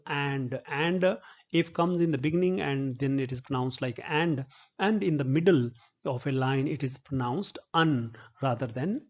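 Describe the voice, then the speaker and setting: Man, lecturer, slightly high voice, patient, hesitant fillers, dull lo-fi recording. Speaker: literature professor.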